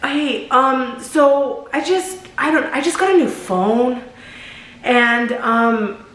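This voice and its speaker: A man's voice: very high-pitched, takes it slowly, a bit bright, full character voice. A woman quoting a stammering nervous young man. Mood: awkward pleading. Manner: stuttering, hesitant, fillers. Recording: roomy echo.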